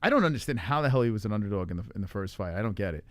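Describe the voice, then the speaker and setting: Man, live-stream host, casual fight chat, loose and profane, smooth clear voice, dry close mic. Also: fairly low pitch, expressive, racing, no room sound. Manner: loose, profane, rambling with frequent fillers. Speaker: livestream MMA show host. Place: home in Arizona.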